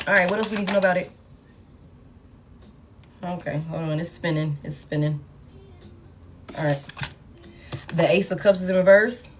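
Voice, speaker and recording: A woman's voice: lowish voice, normal speed, long pauses, soft background music. A woman giving a casual, blunt and profane tarot reading to her viewers, laughing often. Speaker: tarot reader.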